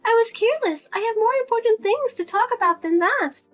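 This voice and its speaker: Over soft background music, a woman plays an overbearing middle-aged mom who whines, begs, and guilt-trips her adult daughter. She speaks a little fast in a very high-pitched, animated voice.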